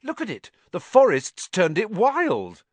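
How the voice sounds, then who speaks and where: A man voicing a frightened, excitable boy wizard, speaking shrill and panicky. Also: slow, no room sound, heavily acted. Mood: overjoyed.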